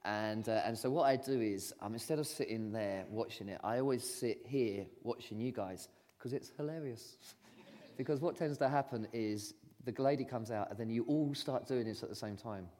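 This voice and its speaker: A man preaching in a church, talking casually with laughter and then gently inviting people to respond. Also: mid-range voice, moderate pace, a little hiss or hum. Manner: chatty, laughing storyteller turning gentle and pastoral. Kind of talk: sermon. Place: church hall. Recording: long church reverb.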